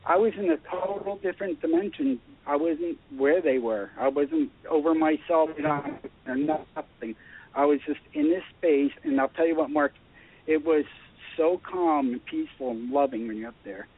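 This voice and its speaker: A man telling his story in a casual radio chat, animated and acting out the dialogue. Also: a little high, moderate pace, husky. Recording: tinny phone line.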